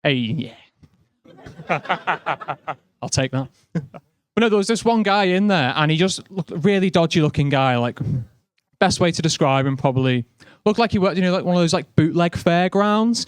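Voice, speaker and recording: A man's voice: on the high side, animated, normal speed, pauses often, clear, resonant tone, dry recording, studio quality. Young Liverpool man doing stand-up. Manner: chatty, self-mocking, lots of "like" and "but no". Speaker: stand-up comedian. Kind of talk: stand-up comedy set.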